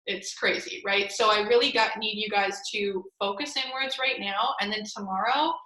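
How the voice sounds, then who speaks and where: A woman hosting a group video call, giving blunt, animated advice and swearing casually. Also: medium pitch, normal speed, reverberant, rough recording. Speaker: host.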